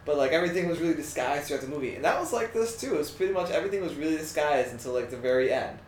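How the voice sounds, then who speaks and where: A young man rattles along quickly and crudely about movies, padding his talk with fillers. He sits a little away from the mic. The echoey room carries a faint hum of noise. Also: on the high side, expressive, far from the mic. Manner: fast, crude, joking, lots of fillers. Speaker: podcast co-host. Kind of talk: casual chat about movies.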